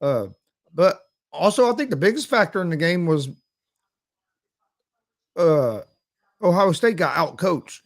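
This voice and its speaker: A man co-hosting a casual sports talk show, with a voice pitched a bit high for a man. He begins with halting restarts, then gives his view in an even-tempered way.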